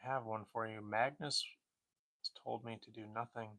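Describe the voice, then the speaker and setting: A man chatting softly to his stream, his voice low and gravelly in a way that gets him compared to a dusty cowboy. The tone stays bright and edgy despite how quietly he speaks, and he answers viewers one comment at a time. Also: steady tone, normal speed. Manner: soft-spoken, reads and answers chat comments. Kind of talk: quiet casual live-stream chat.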